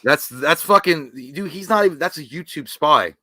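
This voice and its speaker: A man's voice: a little high, lively intonation, normal speed, pushed and bright, no room sound. A man co-hosting a casual live stream, cracking crude jokes and swearing freely. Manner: crude, joking, profane. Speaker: podcast co-host.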